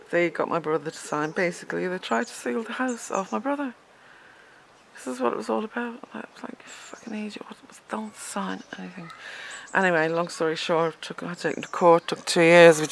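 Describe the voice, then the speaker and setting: A woman in her fifties tells a rambling personal story with a low, gravelly voice. She is blunt and animated, and swears without a second thought. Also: slight background noise. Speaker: vlogger.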